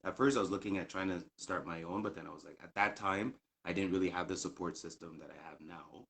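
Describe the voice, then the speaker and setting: A man with a very low voice, chatting casually. He rambles and hesitates, circling back through fillers and restarts as he looks for words. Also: fairly even intonation, fast, gravelly, a bit bright. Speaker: guest. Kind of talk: casual conversation.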